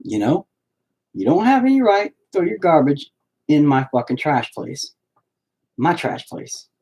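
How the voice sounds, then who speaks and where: A man's voice: fairly high pitch, big pitch swings, unhurried, a little mellow, slightly rough, low-quality recording. A man ranting in a profane, rambling way while painting in a casual vlog at home. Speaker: vlogger.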